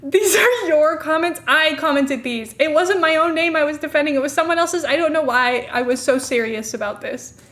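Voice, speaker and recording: A young woman streamer chats casually during a live stream, giggling often and making fun of herself. Her voice is high-pitched and a bit bright, and she talks fairly quickly.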